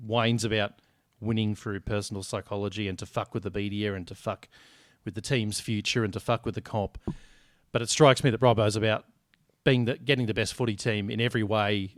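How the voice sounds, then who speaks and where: A man's voice: on the low side, no room sound, clean studio sound. A man co-hosting a casual sports podcast, blunt and joking, swearing freely. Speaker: podcast co-host.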